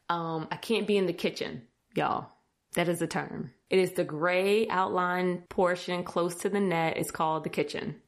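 A woman hosting a casual talk, telling a funny story to her listeners and acting out her own panicked thoughts in a jumping, higher voice. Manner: animated, self-mocking, acts out her own thoughts in a higher voice; talks directly to listeners as "y'all". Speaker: podcast host.

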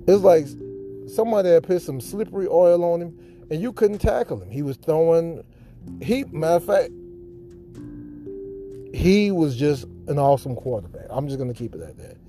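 A man's voice: a little high, expressive, moderate pace, pauses often, warm tone, faint music behind. A man hosting a podcast, telling an emotional sports fan story in a dramatic, repetitive and heartfelt way. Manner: earnest, heartfelt. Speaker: podcast host.

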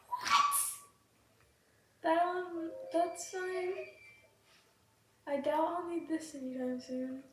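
A woman hosting a gaming podcast, chatting casually and excitably while she plays, giggling often and sounding sick. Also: very high-pitched, slow, long pauses. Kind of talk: casual gameplay chat. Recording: very echoey room, distant mic, faint hiss.

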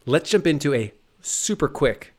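A man's voice: a little high, very animated, a little slow. A man co-hosting a business podcast in casual, joking banter. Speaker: podcast co-host.

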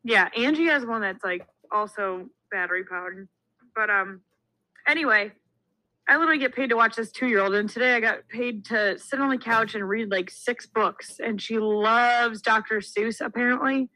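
Young woman in her 20s, podcast co-host, bright tone, dry close sound, animated storyteller. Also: fairly high pitch, moderate pace, no room sound, rough recording. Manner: animated storyteller acting out quotes. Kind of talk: casual chat.

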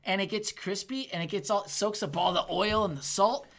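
Woman co-host, casual banter, blunt and profane, average pitch. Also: normal speed. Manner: blunt, profane, animated, acts out quotes. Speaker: podcast co-host. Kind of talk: casual chat.

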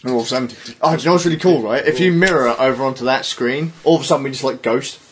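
A man's voice: medium pitch, rapid-fire, slight background noise. A man co-hosting a podcast, sarcastic and mocking, with casual swearing. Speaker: podcast co-host. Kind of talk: casual chat.

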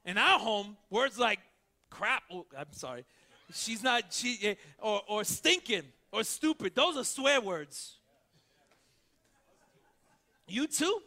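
A male pastor preaching a sermon with a very high, bright, forceful voice. He tells stories with quick back-and-forth dialogue, then swings from quiet asides to loud preaching. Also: animated.

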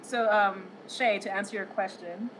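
A woman's voice: mid-range voice, fairly even intonation, normal speed, over a noisy crowd, low-quality recording. A woman running a tabletop game as game master, narrating playfully. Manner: playful, laughs between lines. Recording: background noise.

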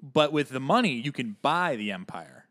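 A man's voice: medium pitch, sing-song, moderate pace, fairly bright tone. A young man co-hosting a podcast in casual chat, chatty and self-deprecating, with casual swearing. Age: young adult. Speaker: podcast co-host.

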